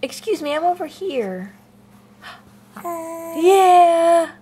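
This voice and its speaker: A woman's voice: very high voice, lively intonation, very slow, mellow, a little hiss or hum. A woman talking baby talk to an infant at home in a cooing, sing-song voice. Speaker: parent filming an infant.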